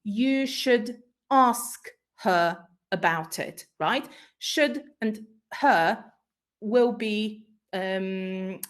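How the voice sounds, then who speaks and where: A woman's voice: medium pitch, extremely slow. Polish-speaking woman teacher trainer. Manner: explanatory, checks in with frequent "right?". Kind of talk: conference talk on pronunciation.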